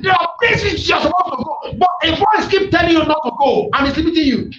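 A man's voice: very high-pitched, expressive, a little fast, fairly bright tone, shouting. A man preaching a fervent sermon, declaring and repeating phrases over the congregation. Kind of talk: shouted prayer-meeting sermon. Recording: echoey, dull lo-fi with faint noise.

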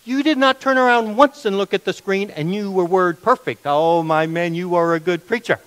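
A man's voice: high-pitched, moderate pace, fairly bright tone, big-room sound, voice pushed up, poor audio. A male preacher voicing an effusive, grateful mechanic who gushes and repeats his friend's name.

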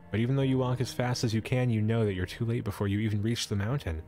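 A man's voice: lowish voice, steady tone, quick pace, hardly any pauses, warm tone, faint music behind. A man streamer reading an adventure storybook aloud, breaking off for playful asides. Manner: playful asides and laughs between narration.

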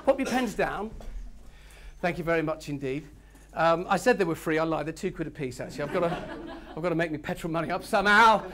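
A man's voice: fairly high pitch, fairly quick, fairly bright tone. A man leading a live networking workshop, cheeky and joking, teasing his audience in a meeting room. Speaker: workshop speaker.

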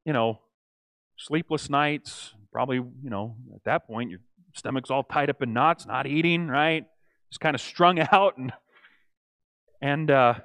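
A man teaching a church Bible study in a lively, conversational way, often acting out quoted lines and checking in with the group. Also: on the high side, dry recording. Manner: animated, acts out quoted lines, asks the group "right?".

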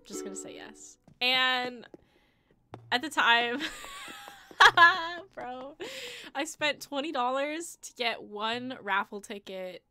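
Playing a game on her livestream, a young woman speaks slowly in a fairly high voice. She's giggly and rambling, teasing herself as she chats casually over the game music.

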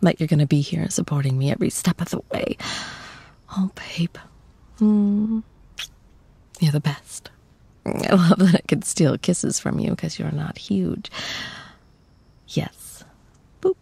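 A fiercely protective, tough girlfriend who is learning to be gentle, voiced by a young woman in an intimate audio role-play. Her voice sits low and moves slowly, with plenty of gravelly fry. She speaks softly to the listener and often drops into a husky half-whisper, in a dry, close setting. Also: dry recording, heavily acted. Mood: affectionate. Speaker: voice actor.

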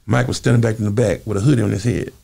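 Gravelly, husky man telling animated stories. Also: on the low side, rapid-fire. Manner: animated storyteller, acts out quotes. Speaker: guest. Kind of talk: casual storytelling in an interview.

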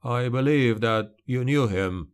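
A man voicing a cunning male steward who speaks in a quiet, measured, cautioning tone. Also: medium pitch, smooth, close to an everyday voice. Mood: solemn. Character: cunning middle-aged male steward, calm and warning.

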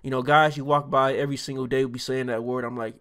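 A man's voice: mid-range voice, level tone, fast, a bit bright, smooth. Chatty laughing man reacting to a clip. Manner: chatty, loose, laughs often. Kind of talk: casual reaction commentary.

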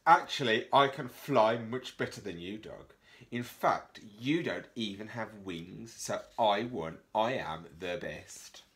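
A man voicing a cheeky little ladybird in a picture book who loudly teases about flying. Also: lowish voice, animated, takes it slowly, exaggerated voice. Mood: cocky. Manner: loud, teasing boasting. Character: cocky little ladybird, proud flier.

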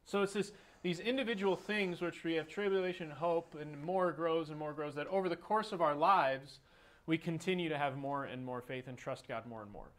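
A man leading a group Bible study, teaching in a relaxed, folksy way with everyday analogies. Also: fairly high pitch, normal speed. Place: group room with a recording.

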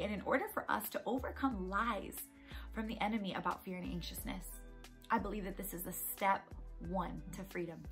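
Earnest woman giving a devotional talk. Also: medium pitch. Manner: earnest, conversational, repeats key phrases for emphasis. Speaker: poet giving a devotional message. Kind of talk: casual devotional encouragement talk. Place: at home.

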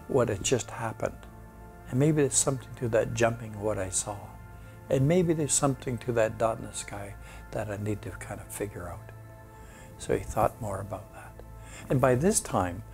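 A man telling a traditional folk tale aloud, unhurried, often dropping to a whisper, with halting restarts. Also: lowish voice, vocal fry, a little mellow. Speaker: storyteller.

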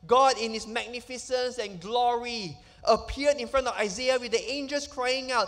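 A man's voice: extremely high pitch, moderate pace, hardly any pauses, a bit bright. A man, a pastor preaching an emphatic sermon full of rhetorical questions in a church sanctuary. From Malaysia. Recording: long reverb of a church hall.

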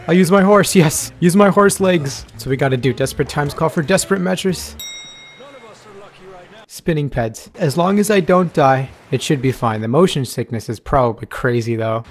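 Excitable man doing game commentary. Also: a little high, moderate pace, faint music behind. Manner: excitable, frequent laughs and exclamations. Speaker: gaming YouTuber. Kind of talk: let's play commentary.

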